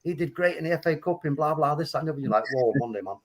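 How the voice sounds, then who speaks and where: A man's voice: fairly high pitch, animated, rapid-fire. A man co-hosting a casual chat, laughing often and joking in slang. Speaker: co-host.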